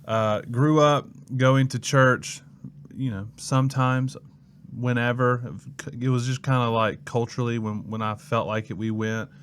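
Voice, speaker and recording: A young student pastor from Mississippi tells his story in a casual interview, using a medium-pitched, clear, resonant voice at an unhurried pace. He's a lively storyteller who acts out the people he quotes.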